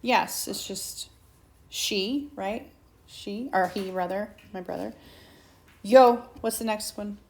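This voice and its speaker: Slow, patient woman teacher. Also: mid-range voice. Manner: slow patient explaining, asks students questions. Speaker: Spanish teacher. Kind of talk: recorded whiteboard lesson. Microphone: tablet mic.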